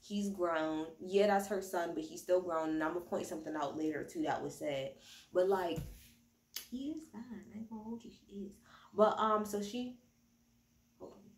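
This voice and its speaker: Speaking at a normal speed in a lowish voice, this woman recaps reality TV from home while slightly tipsy, chatty and heavy on slang and profanity. There's no external mic, just the built-in one, so the room echoes noticeably.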